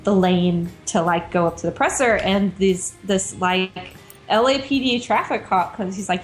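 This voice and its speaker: A woman game designer telling a casual story as a guest, animated and full of "like" fillers. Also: mid-range voice, moderate pace, soft background music. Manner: animated, heavy use of "like" fillers.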